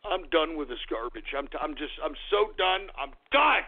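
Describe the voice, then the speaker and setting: Fired-up radio host guy, high voice, cursing and stammering, tinny phone-like sound. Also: very animated, moderate pace, breathy edge. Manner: agitated, swearing, stammering rant. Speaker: radio talk show host. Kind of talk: ranting radio talk show.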